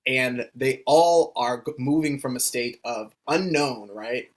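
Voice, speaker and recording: A man co-hosting a podcast in casual chat, halting and hesitant, often pausing with "um" and restarting sentences. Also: mid-range voice. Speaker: podcast co-host.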